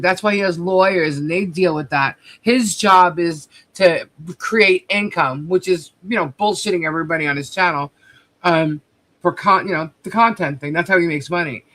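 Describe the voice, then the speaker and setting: A woman running her own livestream, talking straight at her audience in a heated commentary rant. Her voice is bright and forceful, and she swears freely while calling out her opponents. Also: on the low side. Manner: heated, profane, confrontational. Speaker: livestream host.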